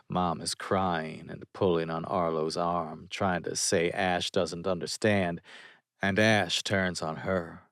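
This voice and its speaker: Slow low-voiced male narrator. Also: little pitch movement, creaky, fairly bright tone, no echo, clean studio sound. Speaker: audiobook narrator. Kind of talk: scripted first-person narration.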